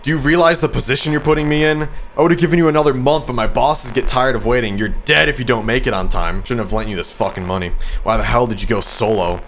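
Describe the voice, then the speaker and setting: A man's voice: mid-range voice, fast talker, hardly any pauses, fairly bright tone, a little hiss or hum, lightly acted. A man voicing a pushy, exasperated loan shark who makes threats, reading game dialogue aloud. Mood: impatient.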